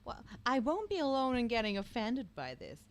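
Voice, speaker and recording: A woman playing a skeptical brand executive in a comedy radio sketch, probing a pitch with doubtful questions. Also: huge pitch swings, normal speed.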